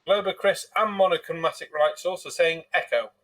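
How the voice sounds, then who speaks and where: A man's voice: fairly high pitch, fairly quick, a bit bright, distant mic. A man hosting a casual live stream, chatty and jokey, swearing freely, a few pints in. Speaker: streamer host.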